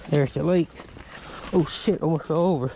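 A man's voice: a little high, normal speed, vocal fry, noisy background. A man vlogging in the woods, chatting casually, talking to his dog and swearing now and then. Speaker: bushcraft vlogger. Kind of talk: casual vlog talk. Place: outdoors in the woods.

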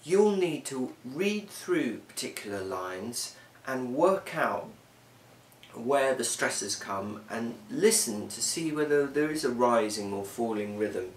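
A man explaining a lesson in a measured way, often pausing with um. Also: medium pitch, expressive. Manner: measured, with frequent ums. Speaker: teacher. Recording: roomy, from a distance, faint hiss.

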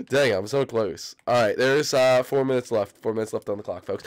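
A man hosting a gaming video, commentating live gameplay, excitable and breaking into shrill squeals. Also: normal speed.

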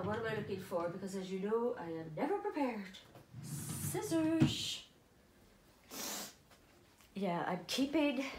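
A woman chatting casually to viewers as she unboxes a doll parcel, gushing and excitable. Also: a little high, reverberant, a little hiss or hum. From Ireland. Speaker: doll collector vlogger.

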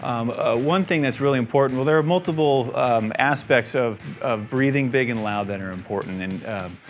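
A man's voice: mid-range voice, normal speed, faint music behind. Man coaching an exercise class. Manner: encouraging coaching cues, frequent "okay?" check-ins. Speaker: fitness instructor. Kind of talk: guided exercise class instruction.

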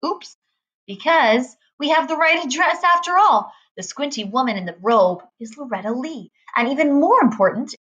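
A woman reading a novel aloud in a lively first-person storytelling manner. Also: high-pitched, highs cut off. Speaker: reader.

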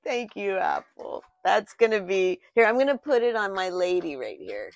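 A channel host talks to herself through an unboxing vlog, thinking aloud and getting easily moved by the items. Her medium-pitched voice is animated and gravelly at a normal speed, with no echo.

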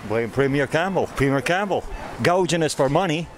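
A man's voice: fairly high pitch, expressive, normal speed, a crowd in the background. A man stopped in the street, ranting angrily about a politician. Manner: angry political rant. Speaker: passerby interviewed.

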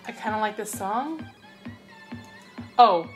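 A woman's voice: medium pitch, animated, slow. Young woman, let's play host, chatty gameplay commentary, bosses her characters around, faint music behind.

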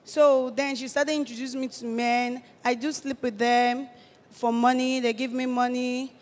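An eighteen-year-old woman with a Nigerian accent gives a halting personal testimony, often restarting her phrases. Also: fairly high pitch, little pitch movement, long reverb tail. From Delta State, Nigeria. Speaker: testifying church guest.

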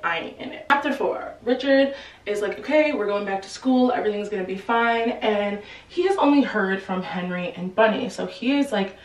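A woman casually retelling a novel's plot in a chatty, slangy way, quickly acting out the characters' lines. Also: medium pitch, reverberant, distant mic, rough recording. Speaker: book explainer. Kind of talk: casual book recap.

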